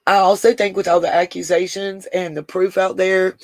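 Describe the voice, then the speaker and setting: Speaking at a moderate pace with a fairly low pitch and flat delivery, a woman hosts a laid-back livestream, with no echo in the audio. Calling out viewers in the chat by name and using the Southern "y'all," she becomes emotional and nearly cries.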